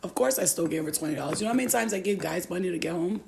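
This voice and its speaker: A woman's voice: lowish voice, expressive, very fast, creaky, noisy background. A young woman vlogger telling a story in a blunt, profane way and laughing often. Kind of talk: storytime vlog.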